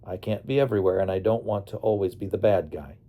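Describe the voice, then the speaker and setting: A stern woman who runs a youth bus tour speaks in a low, mellow register, as a male narrator reads her lines. She gives firm, urgent commands. Her voice is soft-edged rather than sharp. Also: quick pace, natural voice.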